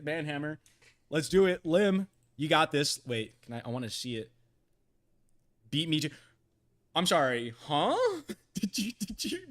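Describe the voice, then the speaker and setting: A man chatting on a gaming live stream with a rather high voice that swings widely in pitch. He stammers, trips over his words and breaks into laughter often, sounding flustered. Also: expressive, moderate pace, fairly bright tone.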